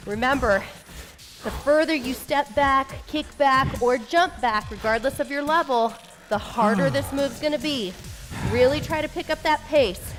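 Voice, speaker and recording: A fitness instructor with a high voice leads a follow-along workout at normal speed over workout music. She coaches with upbeat encouragement, getting out of breath as she goes.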